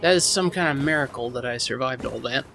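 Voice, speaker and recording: A man's voice: medium pitch, fast, gravelly, pushed and bright, soft background music. A man giving casual, rambling commentary while playing a game, mocking himself and swearing freely as he goes. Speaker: gaming channel host.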